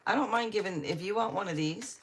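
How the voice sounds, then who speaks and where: A woman's voice: mid-range voice, fairly quick, a little hiss or hum. A woman giving a live tarot reading, chatting with viewers by name and reading out cards, with frequent laughs. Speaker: tarot reader.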